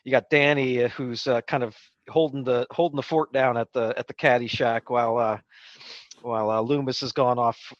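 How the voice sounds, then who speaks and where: A man's voice: mid-range voice, steady tone, normal speed, no room sound. Man on a dull, dry lo-fi recording. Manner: rambling, retells scenes by acting them out. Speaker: podcast co-host. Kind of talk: casual chat about a film.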